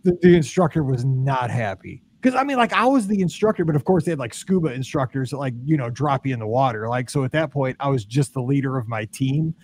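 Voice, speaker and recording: A man hosting a podcast, telling a rambling, animated story in casual chat and laughing often. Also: medium pitch, fast talker, few pauses, slight background noise. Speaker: podcast host.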